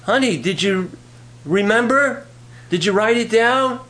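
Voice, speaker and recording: A man doing a fussy old wife's high voice. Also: sing-song, moderate pace, fairly bright tone, full character voice. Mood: insistent. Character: elderly forgetful wife, fussy and insistent.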